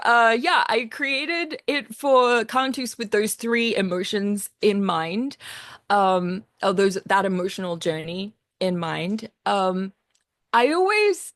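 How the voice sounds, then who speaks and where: A woman's voice: on the high side, no echo, clean studio sound. A woman in her forties with an Australian accent, a composer giving a casual talk to a choir, telling stories with lots of laughs and fillers. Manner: animated storytelling with frequent laughs and fillers.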